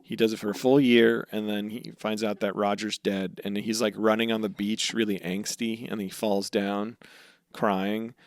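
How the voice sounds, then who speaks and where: A young man co-hosting a podcast, casually recapping anime episodes with lots of swearing and quick character voices. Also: fairly low pitch, level tone, no room sound. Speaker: podcast co-host.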